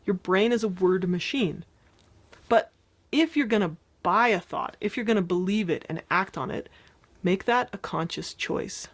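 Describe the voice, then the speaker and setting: A woman's voice: medium pitch, normal speed. A woman therapist talking casually as she explains thought exercises, often checking in with "right?" along the way.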